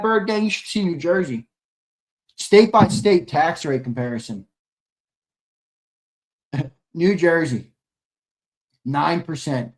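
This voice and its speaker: Guy cohosting a live sports stream, going off sarcastic and fed up, yells now and then, kinda highish voice. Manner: sarcastic, exasperated ranting, sometimes shouting. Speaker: sports show co-host. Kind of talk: casual live-stream rant.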